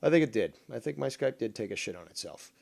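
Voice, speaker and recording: A man hosting a casual call-in livestream, rambling and sarcastic, cursing at his software. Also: medium pitch, expressive, fast talker, gravelly, no echo. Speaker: livestream host.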